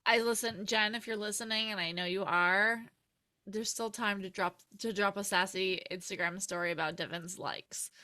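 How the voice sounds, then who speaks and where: A young woman guesting on a podcast in casual chat, sassy and quick to laugh along. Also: medium pitch, steady tone, bright, forceful tone.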